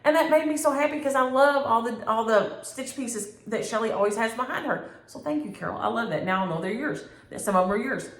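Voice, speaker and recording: A middle-aged woman, chatting casually as a cross-stitch vlogger, animated and playfully exaggerating as she answers viewers from home. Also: fairly high pitch, brisk, hardly any pauses, reverberant. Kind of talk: casual chat reading viewer comments.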